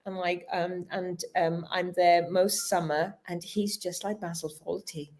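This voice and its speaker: Lively British woman telling stories. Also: fairly low pitch, a little slow. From Britain. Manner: expressive storyteller, laughs often. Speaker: guest. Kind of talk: live-streamed talk show chat.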